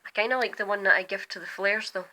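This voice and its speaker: A young woman rambling at night from her bedroom window, often slipping into quiet whispers while filming on her phone. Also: medium pitch, steady tone, quick pace, poor audio. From Scotland. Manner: drifts between quiet whispers and louder asides. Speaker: vlogger. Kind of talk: rambling night-time chat.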